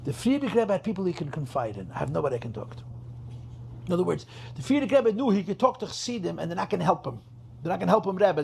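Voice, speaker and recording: A man's voice: high voice, very animated, rapid-fire, creaky, darkish tone, a little hiss or hum. A rabbi telling a story at a gathering, emphatic, repeating his phrases and mixing in Yiddish terms. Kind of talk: farbrengen storytelling talk.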